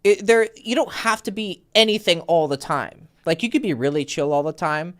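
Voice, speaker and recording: A man's voice: high-pitched, normal speed. A man working as a dating coach, giving blunt, profane advice on a casual call. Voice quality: animated, swings between loud and soft, profane.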